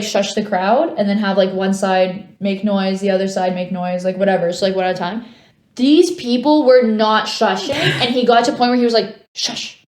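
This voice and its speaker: A young woman co-hosts a podcast and rambles through a story in easy casual chat, leaning on "like" at almost every turn. Her voice sits at a middle pitch. It carries the echo of the room she is in. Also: darkish tone. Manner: rambling storytelling, heavy "like" fillers. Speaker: podcast co-host.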